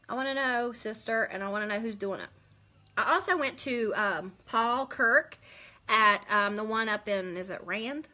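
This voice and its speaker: Bright-voiced chatty woman. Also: a little high, lively intonation, normal speed. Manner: chatty, rambling, greets and answers viewers' comments. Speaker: beauty vlogger hosting a live stream. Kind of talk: casual live-stream chat.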